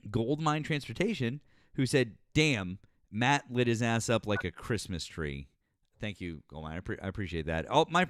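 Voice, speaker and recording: A man's voice: on the low side, fairly bright tone, clear, resonant tone, no room sound, studio quality. A man hosting a live political stream, thanking viewers in a casual, profane way with many fillers and restarts.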